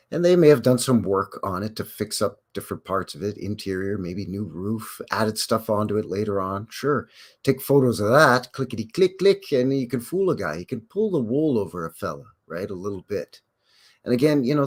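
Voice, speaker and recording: A man hosting a rambling live stream, talking with viewers in a folksy, conversational way full of fillers and asides. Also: lowish voice. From Canada. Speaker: livestream host.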